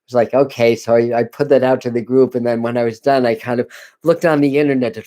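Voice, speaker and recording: A man with a smooth, resonant voice at an ordinary pitch, chatting through a home live stream. He talks casually in halting phrases, stops to apologize, and often restarts his sentences as he explains the session. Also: steady tone. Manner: halting, many restarts and apologies, soft laughs. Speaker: spiritual channeler hosting a live stream. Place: dim home room. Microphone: computer camera live stream.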